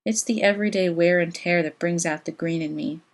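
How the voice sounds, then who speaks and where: A woman's voice: on the low side, fairly quick, natural voice. A woman reading a novel aloud, voicing a restless, privileged young woman who speaks bluntly and confides her resentment. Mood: resentful.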